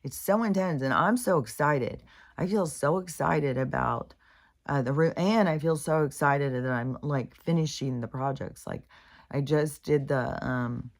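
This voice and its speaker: A woman with a notably low voice talks in a loose, meandering monologue to her camera. She rambles through fillers and asides and swears casually. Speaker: vlogger.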